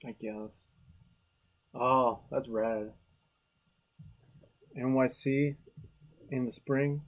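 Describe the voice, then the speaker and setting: An artist chatting casually while drawing, relaxed and rambling, with frequent swearing and trailing restarts. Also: mid-range voice, extremely slow. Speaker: artist hosting a drawing video.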